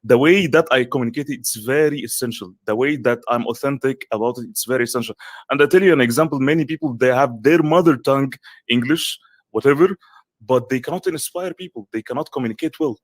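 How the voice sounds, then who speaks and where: A man speaking English with an Arabic accent, as a guest in an online interview. His delivery is earnest and emphatic, full of repeated phrases and restarts. The voice sits at a middle pitch and sounds dry and close. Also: quick pace, dry recording.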